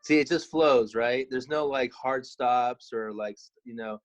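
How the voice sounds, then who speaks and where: A man in his thirties in casual podcast chat, relaxed and rambling with many fillers. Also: medium pitch, a little slow, low-quality recording. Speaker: podcast co-host.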